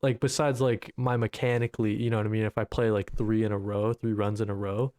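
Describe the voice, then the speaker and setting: A man's voice: fairly low pitch, level tone, brisk, darkish tone. A man co-hosting a gaming podcast, rambling casually with lots of "you know what I mean" and some swearing. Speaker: podcast co-host. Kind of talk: casual chat.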